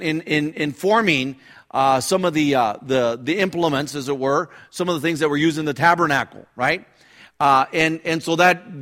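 A male pastor delivering a sermon, his voice sitting a little higher than most men's. He preaches conversationally, tossing in quick asides to the congregation and circling back to restart his sentences. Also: a bit bright.

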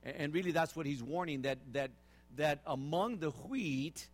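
A middle-aged man preaching as a pastor, his voice sitting a little high for a man. He explains scripture in a relaxed, talky way, stumbling over and repeating words as he goes. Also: moderate pace. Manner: conversational preaching with frequent restarts and repeated words. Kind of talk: sermon.

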